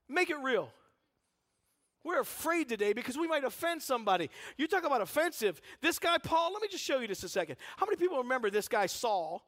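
Male preacher, very high voice, animated storyteller working the room. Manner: animated, storytelling, asks the crowd questions. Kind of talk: sermon.

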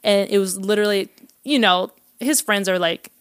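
A woman's voice: mid-range voice, moderate pace, smooth, no room sound, clean studio sound. A woman telling a personal story in casual conversation, acting out quoted dialogue and often laughing. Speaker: guest telling her adoption story.

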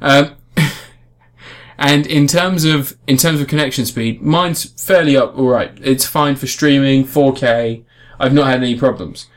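A man's voice: medium pitch, measured pace. A man in casual podcast chat, reviewing a game in a rambling way with frequent restarts. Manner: rambling, restarts often, animated emphasis.

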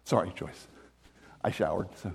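A man preaching a sermon in an animated, emphatic way, full of restarts, repetition and joking asides. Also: low voice, moderate pace, gravelly. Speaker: pastor.

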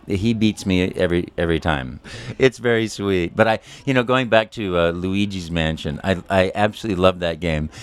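A voice actor telling a story in an interview, animated and quick to slip into character voices. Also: male voice, deep voice, clear, resonant tone.

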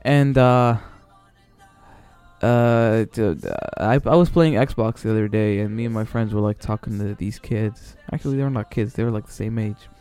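A man's voice: lowish voice, normal speed, a little mellow, clean tone, no room sound. A man hosting his own solo podcast, rambling casually and swearing, with many fillers and restarts. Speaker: podcast host. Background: faint background music.

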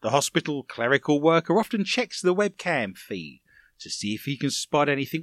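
A man's voice: medium pitch, a bit bright, no room sound, clean studio sound. A man hosting a comic radio show, reading odd news stories and joking with his co-host. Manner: jokey, puts on silly voices and scores points. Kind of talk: comic news-story quiz chat.

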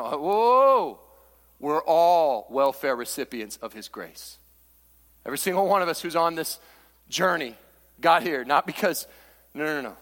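Male pastor, fiery sermon delivery, very animated pitch, long church-hall reverb. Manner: impassioned, swings from hushed to near-shouting. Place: church sanctuary.

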